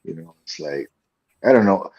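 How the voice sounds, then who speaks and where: A man co-hosting a casual comics podcast, rambling and halting through his points. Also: sits low, lively intonation, darkish tone, slightly rough. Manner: rambling, halting, many fillers. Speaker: podcast co-host. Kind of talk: casual comics review chat. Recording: dull muffled lo-fi mic.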